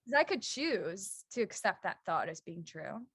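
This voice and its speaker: A woman's voice: mid-range voice, very animated, a little slow, a bit bright, breathy edge, no room sound, studio quality. A woman who teaches yoga, a guest on a podcast, explaining earnestly and acting out the thoughts that run through her head. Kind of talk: casual chat.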